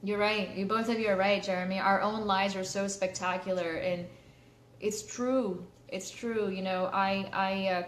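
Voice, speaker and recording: A woman's voice: mid-range voice, fairly even intonation, unhurried, a little hiss or hum. A woman hosting a live stream, talking candidly to her viewers, with many fillers and restarts. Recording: echoey room, faint ambience.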